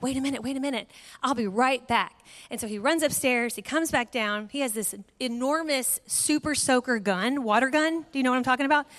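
A middle-aged woman giving a sermon, telling a family story in a lively way and acting out voices. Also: high-pitched. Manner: animated storyteller, acts out voices. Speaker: guest speaker. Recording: long hall reverb.

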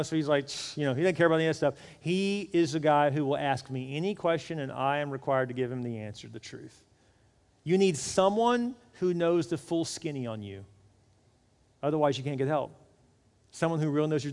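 Fast-talking pastor in a reverberant hall. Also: male voice, a little high. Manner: animated, acts out quoted voices. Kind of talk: sermon.

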